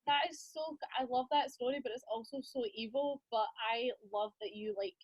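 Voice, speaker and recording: A woman's voice: on the high side, a little fast, husky. Chatty woman podcast host. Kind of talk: casual conversation.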